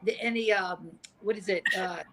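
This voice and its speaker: A woman's voice: mid-range voice, moderate pace, noisy background. A woman comedian on a video call, joking and wisecracking in a casual chat. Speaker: comedian guest.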